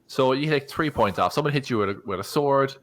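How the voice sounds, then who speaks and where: A man's voice: mid-range voice, a little fast, a little hiss or hum. A man co-hosting a casual podcast about tabletop games, explaining rules with enthusiasm. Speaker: podcast co-host.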